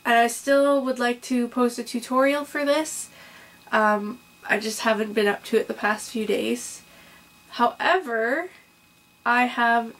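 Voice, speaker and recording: A young woman hosting a casual crochet vlog. She rambles with lots of ums and restarts, a little under the weather with hiccups. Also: fairly high pitch. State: has hiccups and a cough, taking it slow. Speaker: crochet podcast host.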